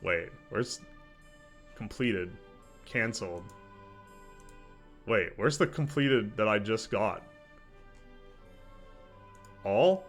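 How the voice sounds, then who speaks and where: A man streaming live, chatting casually and reacting out loud, often breaking into laughter. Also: fairly low pitch, expressive, drawn-out words, pauses often, faint music behind.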